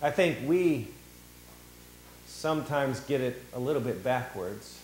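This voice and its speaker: A man preaching a sermon in a church, animated and theatrical, acting out the voices of the people he talks about. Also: medium pitch, takes it slowly, roomy sound, a little hiss or hum, rough recording. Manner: animated, acts out quoted voices. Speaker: pastor. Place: church sanctuary.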